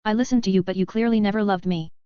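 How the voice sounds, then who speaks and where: A woman's voice: mid-range voice, fairly even intonation, very fast, smooth, no echo, highs cut off, lightly acted. A woman reading a furious, betrayed young queen in an accusing voice. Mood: angry. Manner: angry, accusing.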